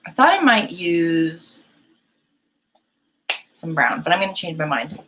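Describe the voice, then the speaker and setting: A woman's voice: fairly low pitch, sing-song, slow, fairly bright tone, a little hiss or hum, low-quality recording. A young woman hosting a painting live stream, chatting casually and giggling as she talks to her chat. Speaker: painting livestream host.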